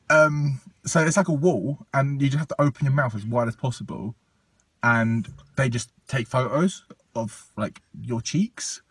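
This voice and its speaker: A man's voice: medium pitch, a little slow, breathy edge, dry recording, distant mic. A man from Portugal casually telling a rambling, sweary story on a podcast, with lots of ums and laughs.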